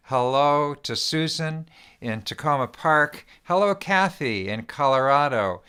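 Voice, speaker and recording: A man's voice: medium pitch, bright, forceful tone, clear, resonant tone. A man hosting an online song gathering, greeting viewers one by one in a friendly, rambling way over a video call. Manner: friendly, rambling, with many restarts and fillers. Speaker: host. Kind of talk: welcoming online viewers by name.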